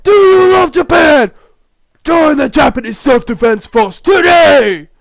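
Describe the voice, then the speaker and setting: A let's play host voicing a loud patriotic male army recruiter who bellows slogans. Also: high voice, lively intonation, unhurried, gravelly, no echo, studio quality, pitched above the performer's own voice, full character voice. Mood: bellowing.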